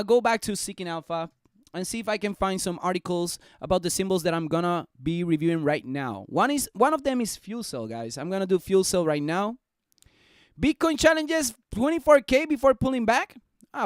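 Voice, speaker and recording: A young man hosting a casual stock market live stream, excitable and jokey, chatting straight to his viewers. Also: sits high, fairly quick, smooth, no room sound, studio quality.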